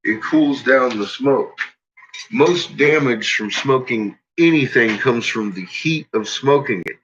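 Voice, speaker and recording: A man's voice: slow pace, fairly bright tone. A man vlogging casually from home, rambling and swearing as he chats. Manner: rambling, swearing, talks to his dogs in a high teasing voice. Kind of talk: casual home vlog chat. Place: home with barking dogs. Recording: dull lo-fi home recording with clear background noise.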